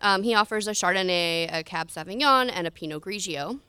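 A woman's voice: medium pitch, expressive, a little fast, sharp tone, clear, resonant tone, no room sound. A young woman hosts a casual podcast chat in an ordinary mid-range voice. She talks in a chatty way, runs through her segment notes and pokes fun at herself when she slips up. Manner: chatty, self-deprecating, reading segment notes. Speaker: podcast co-host.

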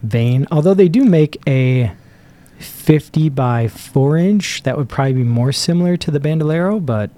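A man co-hosting a casual podcast, talking excitably and enthusiastically, often trailing off mid-sentence as he hunts for words. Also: a little high, moderate pace, no room sound. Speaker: podcast co-host reviewing cigars. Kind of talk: casual chat.

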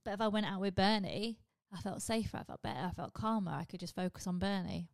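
A woman's voice: mid-range voice, fast talker, gravelly, no echo. A woman hosting a podcast, chatting in a candid, rambling way and swearing offhandedly. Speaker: podcast host. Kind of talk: casual podcast chat.

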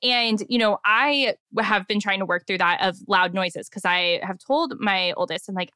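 A woman's voice: medium pitch, normal speed, few pauses, smooth, dry recording, clean studio sound. A woman hosting a podcast, chatting casually and affirming her guest with lots of filler words. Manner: warm, affirming, chatty with many "like"s. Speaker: podcast host. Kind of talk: casual interview chat.

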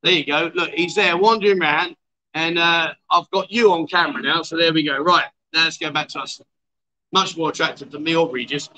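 A man's voice: on the high side, fairly even intonation, brisk, bright, forceful tone, rough recording. A man hosting a casual livestream chat show at a bar, teasing and coaxing his guests. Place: outdoor bar.

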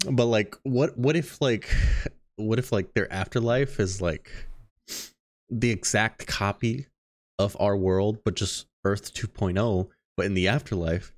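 Slangy young man with a low voice. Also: a little slow, no room sound. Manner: slangy, spins wild ideas. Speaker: podcast co-host. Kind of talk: casual chat.

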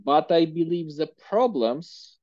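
A man's voice: a little high, lively intonation, slow, darkish tone, no room sound. Russian-accented man, chatty, lo-fi. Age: 30s. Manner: chatty, many fillers like "like" and "you know". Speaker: guest entrepreneur. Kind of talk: casual interview conversation.

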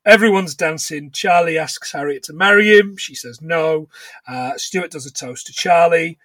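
A man's voice: on the high side, normal speed, sharp tone, no echo. A man co-hosting a podcast, chatting casually and laughing often as he acts out bits of dialogue. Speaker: podcast co-host. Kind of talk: casual chat recapping a film.

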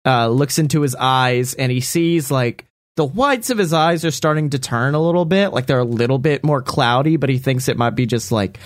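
A man's voice: medium pitch, normal speed, few pauses, no echo. Man, casual storyteller, rambling and laughing, dry close sound. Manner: rambling, laughing, swears often. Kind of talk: casual improvised story brainstorming.

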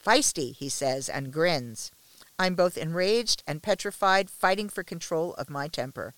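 A woman reading a first-person story aloud with a measured, restrained delivery and tense pauses. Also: low-pitched, dry recording.

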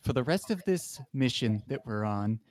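A man's voice: medium pitch, lively intonation, moderate pace, darkish tone, no room sound, clean studio sound. Man playing a sheepish space-amoeba captain. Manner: rambling, sheepish, hesitant. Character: male space-amoeba starship captain posing as human. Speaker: improv player and scene runner. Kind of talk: improvised sci-fi role-play.

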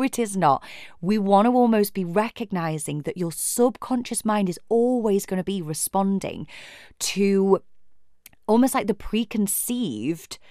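Solo podcast host, female coach, very animated pitch, dry close sound. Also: no echo. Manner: expressive, acts out imagined voices.

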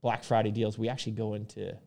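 A man's voice: fairly low pitch, fast talker, gravelly. A man co-hosting a casual podcast about supplements, talking loosely with fillers and restarts. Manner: relaxed, rambling with fillers and restarts. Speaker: podcast host.

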